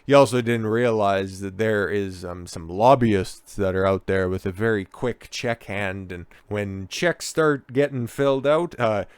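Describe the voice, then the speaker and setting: A man in a low register rants through political commentary, profane and sarcastic throughout. His voice is smooth and clean, recorded dry and close. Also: a little slow, few pauses, dry recording. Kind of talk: ranting commentary.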